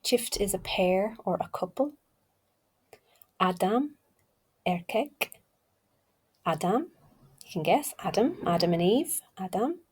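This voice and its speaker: A woman's voice: medium pitch, expressive, slow, long pauses, breathy edge. A woman hosting a casual video lesson, chatty and self-deprecating, thinking aloud as she goes. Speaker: language learner teaching Turkish.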